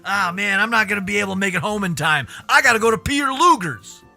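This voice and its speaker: A man doing a mocking voice of a rambling middle-aged man who swears loudly. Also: high-pitched, expressive, quick pace, creaky, soft background music, exaggerated voice. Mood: frantic.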